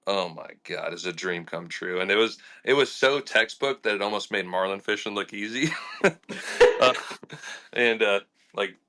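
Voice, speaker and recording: A young adult man, a fishing charter captain telling animated stories in a casual podcast interview, laughing and acting out quotes. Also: on the low side, moderate pace, slight background noise. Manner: animated and laughing, with lots of fillers and acted-out quotes.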